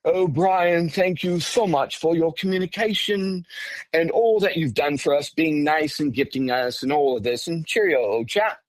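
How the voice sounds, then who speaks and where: A man's voice: fairly high pitch, normal speed, no room sound, pitched above the performer's own voice, lightly acted. Guy doing a fake posh english gent, super polite, dry close sound. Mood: gushing. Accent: put-on English. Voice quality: exaggerated upper-class politeness. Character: mock posh English gentleman, polite and chummy.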